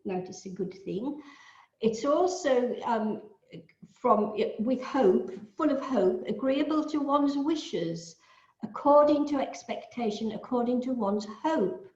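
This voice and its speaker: An older woman from the UK giving a measured online lecture on astrology, explaining ideas with musing asides. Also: a little high, lively intonation, darkish tone. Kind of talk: online talk with shared screen. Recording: echoey, dull lo-fi.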